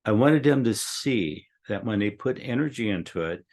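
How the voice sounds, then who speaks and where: An older man with a somewhat low voice tells a story in a loose, rambling chat. He doubles up words as he goes and turns gentle and reassuring when he quotes what he said. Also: animated, normal speed. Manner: rambling, repeats words, soothing when quoting himself. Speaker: guest teacher.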